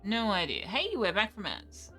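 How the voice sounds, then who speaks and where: Bright-voiced woman streamer thinking aloud. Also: medium pitch, huge pitch swings, faint music behind. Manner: thinks aloud, chatty, reacts with quick surprise. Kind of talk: casual live gameplay commentary.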